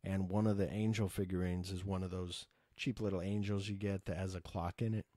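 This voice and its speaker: A middle-aged man with a deep, relaxed voice chats through a long personal story on his podcast. He wanders and swears casually, leaning on fillers as he goes. The sound is dry and close, with no room around it. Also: brisk, no echo. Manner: rambling, profane, lots of fillers. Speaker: podcast host.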